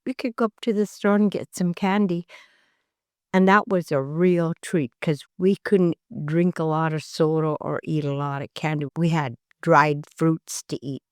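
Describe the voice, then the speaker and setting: An older woman from Alaska, an elder telling family stories in an interview, slow and gentle, acting out the dialogue. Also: deep voice, steady tone, clear, resonant tone, dry recording, studio quality. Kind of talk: storytelling in an interview.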